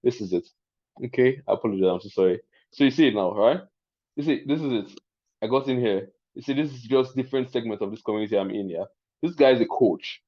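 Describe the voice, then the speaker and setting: A man with a Nigerian English accent hosts a live online lesson in a loose, chatty way, getting excited and laughing easily. His voice sits at an ordinary middle pitch. The recording is dull and lo-fi. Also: quick pace. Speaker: webinar host. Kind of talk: live webinar teaching.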